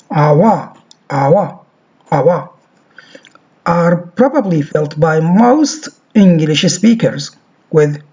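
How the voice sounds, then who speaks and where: A man's voice: a little high, a little mellow, husky. A man giving a recorded phonetics lecture, reading from a textbook and repeating example words over and over. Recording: dull lo-fi recording.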